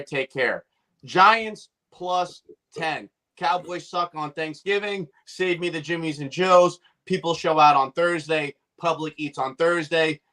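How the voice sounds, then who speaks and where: A man's voice: a little high, sharp tone. A man hosting a sports betting show, cocky and punchy, firing off picks with catchphrases. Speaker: podcast host giving bets. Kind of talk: brash sports betting rant.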